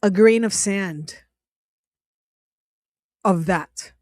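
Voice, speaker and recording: A woman hosting her own channel, telling a personal story in a plain casual way. Her pitch sits in the middle, and she talks with strong feeling, stopping and restarting and laughing between words. The recording is dry, with no room echo. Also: a little mellow. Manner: emotional, laughs often while telling, halting restarts. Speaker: channel host.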